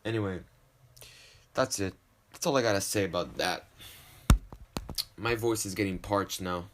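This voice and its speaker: A man's voice: deep voice, a little slow, noisy background. Rambling, profane young male podcaster with a lisp. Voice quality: slight lisp. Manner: rambling, profane, self-deprecating. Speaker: podcast host. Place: home desk.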